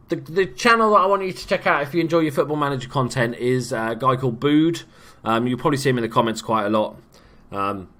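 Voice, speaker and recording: A man's voice: mid-range voice, a bit bright. A young man from England giving casual, sweary, jokey let's-play commentary as a gaming YouTuber.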